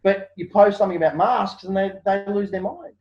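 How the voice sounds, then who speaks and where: High-voiced man, lively talker. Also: fairly quick. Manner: animated storyteller, acts out quotes, many fillers. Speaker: guest. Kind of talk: casual interview chat. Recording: dull lo-fi sound.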